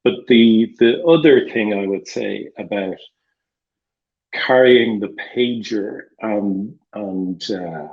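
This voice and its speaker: A man speaking on a panel discussion over a video call, in a measured, analytical way with hesitant restarts. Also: fairly low pitch. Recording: dull lo-fi audio.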